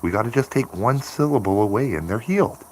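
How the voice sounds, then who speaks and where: A man's voice: medium pitch, expressive, a little fast, a little hiss or hum. A man chatting casually on a morning live stream, rambling and laughing often. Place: home by a window.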